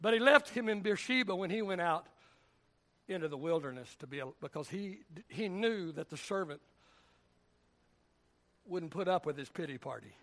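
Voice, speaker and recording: A pastor delivering a fiery sermon, his voice climbing into shouts as he drives each point home. For a man his voice sits very high, and it has a bright, ringing edge. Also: lively intonation, moderate pace, pauses often. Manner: impassioned, often shouting.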